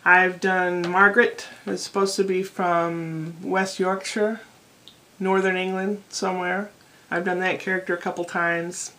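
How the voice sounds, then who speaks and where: A woman's voice: on the low side, little pitch movement, unhurried, sharp tone. Middle-aged American woman, home vlogger, digressive and self-deprecating, recorded on a camera mic. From United States. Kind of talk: casual rambling vlog monologue. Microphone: camera microphone.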